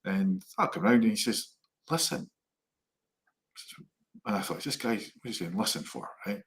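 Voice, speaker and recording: A middle-aged man co-hosting a chat show, telling rambling personal anecdotes in a lively way. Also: on the low side, quick pace, vocal fry. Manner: animated, rambling anecdotes with laughs. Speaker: co-host. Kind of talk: casual storytelling chat.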